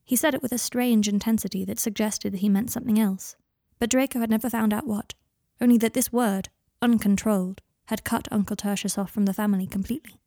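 A woman narrating a fan fiction audiobook in a calm, even reading voice. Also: fairly high pitch, fast talker, hardly any pauses, no echo, studio quality.

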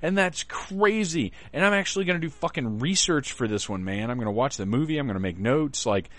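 A man hosting a podcast, talking in an excited, profane and rambling way, often restarting his sentences. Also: fairly low pitch, dry recording. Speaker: podcast host. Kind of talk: casual podcast announcements.

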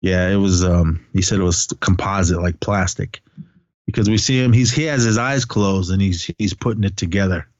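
A man's voice: low voice, moderate pace, darkish tone, dry recording, muffled recording. A man co-hosting a podcast, giving a rambling, casual movie recap full of restarts and offhand swearing. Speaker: podcast co-host.

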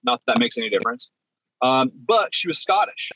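A man's voice: medium pitch, sing-song, fairly quick, sharp tone, breathy edge, dry recording, poor audio. A man chatting casually on a podcast from the driver's seat of his parked car, rambling and self-deprecating. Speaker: podcast guest. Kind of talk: casual chat.

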